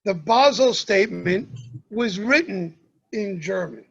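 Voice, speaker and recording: A man lecturing to a congregation, speaking slowly and pausing often, with "um"s between his points. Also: high voice, expressive, gravelly, fairly bright tone, husky, lo-fi sound. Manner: slow, measured delivery with pauses and fillers. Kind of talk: talk to a congregation.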